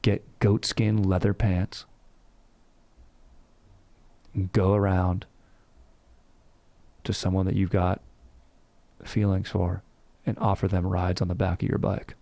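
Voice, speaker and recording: Low gravelly man rambling about history. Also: flat delivery, slow, pauses often, mellow, no room sound. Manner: rambling, slangy, cursing, lots of fillers. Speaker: history podcast host. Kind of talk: casual comedic history talk.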